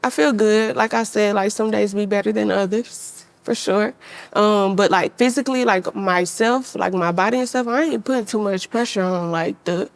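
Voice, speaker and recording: A young woman, chatting casually as an interview guest, relaxed and slangy, laughing often. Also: mid-range voice, moderate pace, no echo. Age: young adult.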